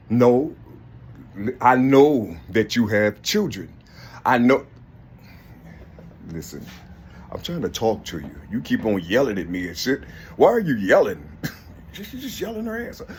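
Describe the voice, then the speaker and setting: A man's voice: medium pitch, very animated, measured pace, pauses often, darkish tone, slight background noise. A man talking in a rambling, casual monologue, laughing often and repeating "listen" and "you see" as he addresses an unseen listener.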